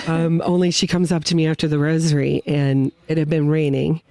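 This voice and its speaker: A woman's voice: low voice, level tone, a little fast, hardly any pauses, dark tone, no echo. Woman, podcast guest, emotional storyteller, acts out quotes, dry close sound. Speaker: guest witness. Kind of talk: personal story told in a podcast interview. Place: winery.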